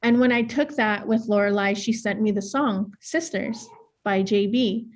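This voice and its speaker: A woman with a northern Saskatchewan accent tells her own story at a mid-range pitch. She talks in a candid, plain-spoken way and laughs easily. She is a dancer and choreographer sharing her personal story. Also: fairly even intonation, a little slow. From northern Saskatchewan, Canada.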